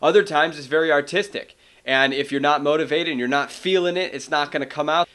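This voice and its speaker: A man's voice: fairly high pitch, fairly quick, a bit bright. A man, an independent animator, talking casually and explaining his process into a cheap desk microphone at home. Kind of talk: casual vlog talk.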